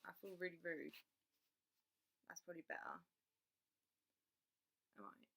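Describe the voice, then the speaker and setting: A woman's voice: lowish voice, sing-song, unhurried, creaky, fairly bright tone. A woman chatting casually on a livestream, reading out viewer comments and laughing often. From England. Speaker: livestream host.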